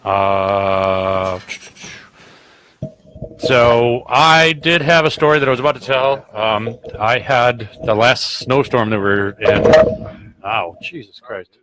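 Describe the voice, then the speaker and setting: A man's voice: mid-range voice, takes it slowly, noisy background. Foul-mouthed, blunt podcast host man. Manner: heavy swearing, blunt and rambling; grows loud and heated when retelling arguments. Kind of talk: casual storytelling chat.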